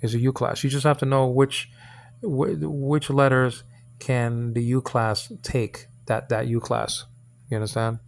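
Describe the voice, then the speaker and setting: A man leads an informal Hebrew lesson on his own channel, his voice gravelly with fry. He talks haltingly, repeats himself, and keeps checking in with his listeners. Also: medium pitch, little pitch movement. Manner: halting, repeats words, many fillers; coaxing checks like "okay?" and "you understand?". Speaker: channel host teaching Hebrew.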